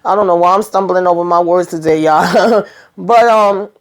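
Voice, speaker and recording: A woman chatting casually as she recaps a show episode, animated and full of fillers, acting out the characters' lines. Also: fairly low pitch, normal speed. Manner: chatty, heavy on fillers like "you know".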